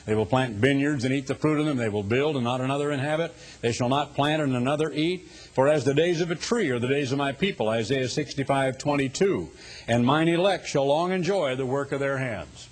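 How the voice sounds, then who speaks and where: An older man giving a sermon, speaking deliberately and slowing down to stress key words. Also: medium pitch. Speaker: preacher.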